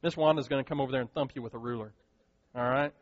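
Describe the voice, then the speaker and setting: A pastor preaching a sermon, animated and acting out the voices of the people he quotes. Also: mid-range voice, fast talker. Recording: dull, long hall reverb.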